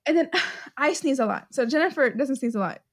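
A woman's voice: high voice, expressive, fairly quick. A young woman chatting casually, rambling and giggling, with lots of fillers. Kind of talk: casual chat.

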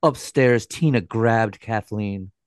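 A man co-hosting a podcast, narrating a scripted story in a measured, dramatic way, with a dry aside. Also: on the low side, no echo. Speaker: co-host.

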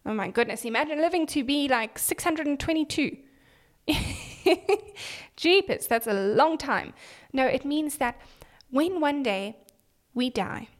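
A young woman hosting an upbeat children's devotional podcast, bubbly and chatty as she calls out to young listeners. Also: sits high. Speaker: children's pastor.

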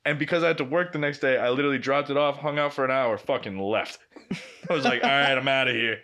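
A man's voice: medium pitch, quick pace, pushed and bright. A man co-hosting a podcast, telling a long casual anecdote full of quoted dialogue, swearing, and laughing as he goes. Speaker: podcast co-host. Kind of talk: casual storytelling chat.

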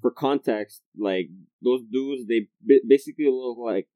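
A man's voice: mid-range voice, measured pace, no echo, narrow, tinny audio. A man in casual chat with a co-host, hedging and filling his talk with "like". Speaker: podcast co-host.

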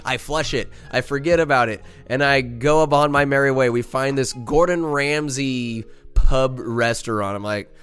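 A man's voice: mid-range voice, steady tone, moderate pace, hardly any pauses, fairly bright tone, soft background music. A young man hosting a podcast, telling a rambling, profane, self-mocking story in casual monologue. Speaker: podcast host.

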